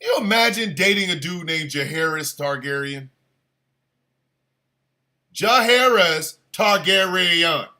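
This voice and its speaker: A man hosting a show, delivering a crude comedic rant with exaggerated, animated bursts of shouting. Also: on the high side, moderate pace, hardly any pauses. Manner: crude, playful. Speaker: show host.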